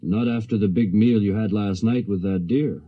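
Figure: wary grown hunter, played by a man. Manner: measured, guarded. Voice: low and husky. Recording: fuzzy 1970s radio. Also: phone-quality sound, close to an everyday voice.

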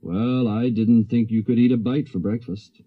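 A man's voice: medium pitch, fairly even intonation, husky, narrow, tinny audio, voice pushed up, lightly acted. A man voicing a wary, cautious hunter in an old radio story. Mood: guarded. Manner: measured, guarded. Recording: fuzzy 1970s radio recording.

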